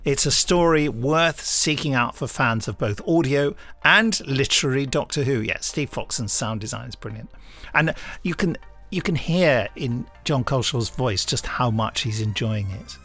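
Jokey guy cohosting a podcast, bright voice that bounces all over, faint music. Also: mid-range voice, animated, normal speed. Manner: playful, joking asides, puts on silly accents. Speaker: podcast co-host. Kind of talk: casual banter.

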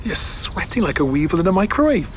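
A woman's voice: lowish voice, big pitch swings, takes it slowly, a bit bright, a little hiss or hum, full character voice. A woman playing a cheery, chatty friend who teases a mate she runs into, in an audio drama clip. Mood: cheery teasing. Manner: bubbly, teasing.

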